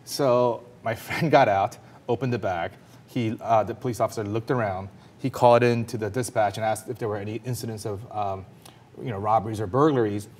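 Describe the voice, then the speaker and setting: A man commentator telling a personal story in a panel talk, earnest and emphatic, his intensity rising quickly. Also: fairly low pitch, fairly even intonation, a little mellow.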